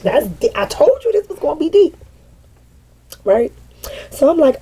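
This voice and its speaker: A mother speaking to an online audience offers casual spiritual reflection in a high, very animated, warm voice at a measured pace. Her cadence is repetitive and emphatic, like a preacher's. There's slight background noise and the audio is poor.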